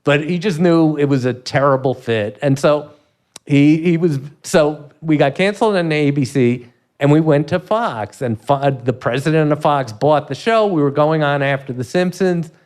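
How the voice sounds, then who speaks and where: A man in his sixties, a comedy writer telling stories in an interview, animated and laughing often as he acts out quotes. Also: a little high, moderate pace. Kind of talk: storytelling in a podcast interview.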